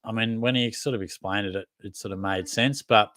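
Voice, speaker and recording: A man's voice: on the low side, fairly even intonation, a little fast, bright, forceful tone, dry recording, clean studio sound. A young Australian man hosting a casual live Q&A, reading viewer comments and bantering with a laugh. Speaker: podcast host.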